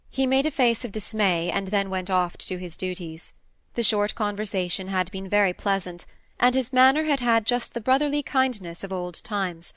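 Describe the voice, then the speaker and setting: A woman's voice: mid-range voice, moderate pace, fairly bright tone, clear, resonant tone, dry recording. Woman narrating a classic novel, dry sound. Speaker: audiobook narrator.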